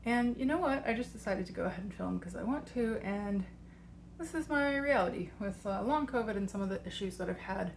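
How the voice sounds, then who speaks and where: A woman's voice: medium pitch, lively intonation, brisk, gravelly, a little hiss or hum. A woman speaks in a middle-range voice, short of breath as she talks. She rambles in a chatty way through a casual video walkthrough of a tarot practice. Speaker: tarot coach and channel host.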